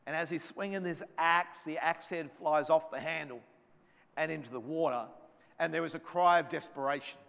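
A male pastor delivers a sermon with a fervent, driving cadence and returns again and again to repeated refrains. His voice sits fairly high for a man. It rings out with a long hall reverb behind every phrase. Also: normal speed, gravelly, a bit bright.

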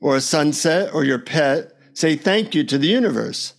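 A man putting on a calm Indian guru. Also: on the high side, moderate pace, gravelly. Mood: serene, instructive. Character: old Indian male guru, calm and sage. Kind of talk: acted quote inside a story.

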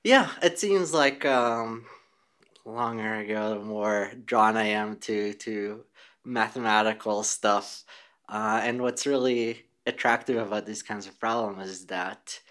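Male researcher, low voice, considered answers, light laughs, easygoing restarts. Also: fairly bright tone. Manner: thoughtful, with small laughs and restarts. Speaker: physicist and researcher. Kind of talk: conversational interview answers.

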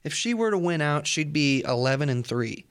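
A man's voice: on the high side, expressive, moderate pace, a bit bright, smooth. A young man hosting a college radio show, chatting casually and rambling between jokes and asides. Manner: rambling, joking, easily distracted. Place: radio studio.

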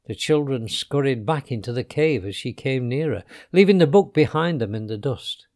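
A man narrating a children's storybook in an expressive, unhurried way. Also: medium pitch.

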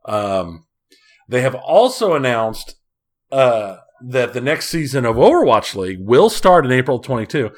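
A man hosting a podcast, with a mid-range voice, talking casually as he goes through gaming news. His tone is relaxed, and he often restarts a sentence. The delivery stays conversational. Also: mid-range voice, unhurried. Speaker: podcast host. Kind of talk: casual chat and news rundown.

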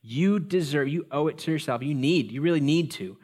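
A man preaching a sermon as pastor, talking in a loose, conversational and self-deprecating way, slipping into quick stories. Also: fairly high pitch, expressive, darkish tone.

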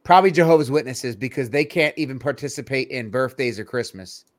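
A man's voice: mid-range voice, fairly quick. A man co-hosting a casual talk show, talking in a dry, joking way. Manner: wry, joking. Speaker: podcast co-host.

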